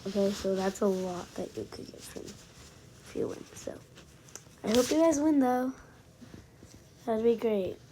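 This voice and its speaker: A woman chatting casually over gameplay on her own microphone, rambling and dropping into soft asides, with a high, pitchy voice. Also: animated, unhurried, pauses often. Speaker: gaming channel host. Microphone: own desk microphone. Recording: noisy home recording with hiss and clicks.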